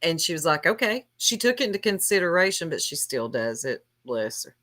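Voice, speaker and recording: A woman's voice: low voice, very animated, brisk, fairly bright tone. A woman hosting a casual gossip chat, laughing often and reading chat names aloud. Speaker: stream host.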